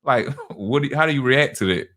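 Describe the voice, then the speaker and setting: A man's voice: medium pitch, fairly quick, a loud crowd. Guy chatting on a podcast, rambling a bit, restarts a lot, plain middle voice. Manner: loose, repetitive storytelling with frequent restarts. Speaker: podcast co-host. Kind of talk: casual chat.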